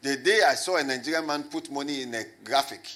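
Man, pastor, lively sermon, loud then hushed, calls for replies. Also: a little fast. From Ghana. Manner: animated, rising to shouts and dropping low, with call and response.

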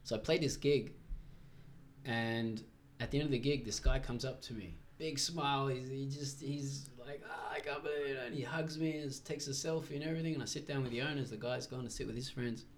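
A young man, a podcast guest telling a travel story in an animated, casual way. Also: mid-range voice, fairly quick, slight background noise. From Israel. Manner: animated, acts out quoted voices, swears freely.

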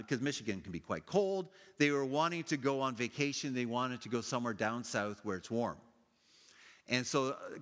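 A man preaching a sermon with a bright, forceful voice that rises and falls a great deal. His delivery is animated and playful, and he slips into exaggerated voices when he quotes people. A long reverb from the hall trails after each phrase. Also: medium pitch.

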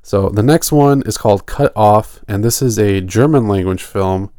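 Low-voiced man, smooth and dry. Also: moderate pace, dry recording. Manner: relaxed, rambling, laughs often. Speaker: podcast co-host. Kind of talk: casual horror podcast chat.

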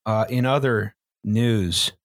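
A man's voice: fairly low pitch, slow, loud music behind the voice. A young man hosting a podcast, bringing up news items in a dry, laid-back way. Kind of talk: casual news-recap banter.

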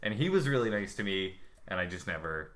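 A man's voice: low voice, big pitch swings, a bit bright. A man hosting a casual podcast chat, joking loosely and moving the conversation along. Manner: loose, joking, runs the picks quickly. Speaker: podcast host.

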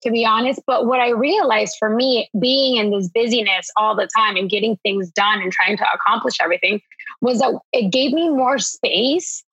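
A woman host speaking candidly, searching for her words with halting restarts, on a dull lo-fi mic. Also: on the high side, a bit bright, breathy edge, no echo. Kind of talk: reflective conversational talk.

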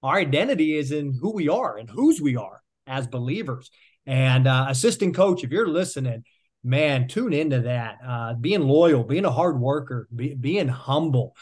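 A man's voice: medium pitch, animated, moderate pace, a little mellow, husky. A man hosting a podcast interview, enthusiastic and encouraging, cheering his guest on. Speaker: podcast host.

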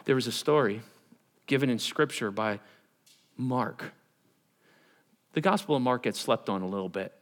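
A man preaching a sermon to his congregation, animated and conversational, acting out Bible characters in everyday voices. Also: mid-range voice, moderate pace, long pauses. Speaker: pastor.

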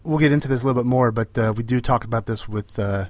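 A man's voice: medium pitch, quick pace, no room sound. A man co-hosting a podcast in casual chat, rambling with many fillers and restarts. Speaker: podcast co-host.

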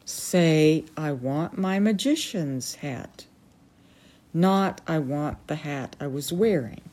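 A woman reading aloud, voicing a calm, reasonable pet owl in a storybook. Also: sits low, slow pace, full character voice. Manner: reasonable, patient.

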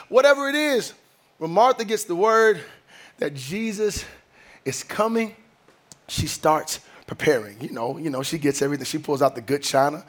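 High-voiced man preaching a lively sermon. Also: normal speed. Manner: builds from low storytelling into loud, sing-song preaching cadence; conversational and slangy, with call-and-response. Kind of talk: sermon with personal storytelling.

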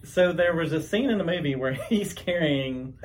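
A man co-hosting a podcast, telling a film story in a relaxed, casual way with many fillers and restarts. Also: fairly high pitch, moderate pace, a little hiss or hum. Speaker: podcast co-host.

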